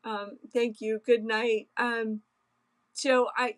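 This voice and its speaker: Slow, hesitant woman hosting a craft livestream. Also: fairly high pitch, flat delivery, low-quality recording. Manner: emotional, hesitant, many ums, soft laughs. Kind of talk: casual live-stream chat.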